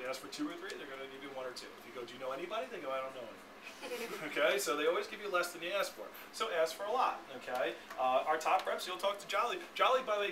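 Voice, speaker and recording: A man teaching a sales training class, talking briskly and checking in with his listeners again and again. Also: fairly high pitch. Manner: brisk, keeps checking in with the room. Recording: echoey, distant, noisy room recording.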